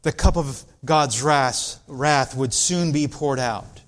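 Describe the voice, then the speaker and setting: A man's voice: medium pitch, slow. A man preaching an expository sermon, earnest and building intensity when quoting scripture. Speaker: pastor.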